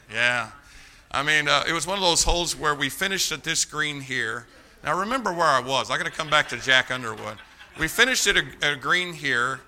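A man preaching a sermon, telling a folksy story and then urging young people on, shifting from quiet asides to loud exhortation. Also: mid-range voice, slight background noise.

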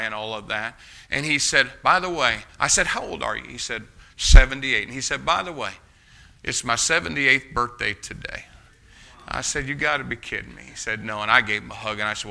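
A pastor with a mid-range voice preaches a little fast, his delivery pushed and bright with vocal fry. He tells a folksy personal story in his sermon, then rises into fervent exhortation, urging his congregation on.

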